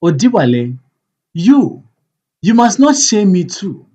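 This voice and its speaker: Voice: mid-range voice, big pitch swings, slow, warm tone. A reader voicing a proud, hot-tempered king who demands the truth, in a commanding, indignant way, in a play read aloud. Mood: angry. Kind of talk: audiobook play reading.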